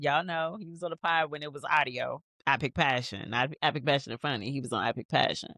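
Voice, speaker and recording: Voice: mid-range voice, quick pace, few pauses, bright, forceful tone, dry recording. A podcast host giving a casual rewatch recap of a TV episode, chatting straight to viewers and reading out scene lines between asides.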